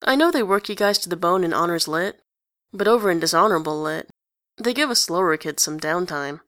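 A woman's voice: lowish voice, animated, brisk, a bit bright, dry recording. A woman voicing a wry, self-deprecating teenage boy, delivering his lines with dry sarcasm in a storybook reading.

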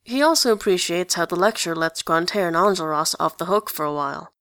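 A woman narrating a story in an even, conversational way. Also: lowish voice, fairly quick, no echo, studio quality. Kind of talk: story reading.

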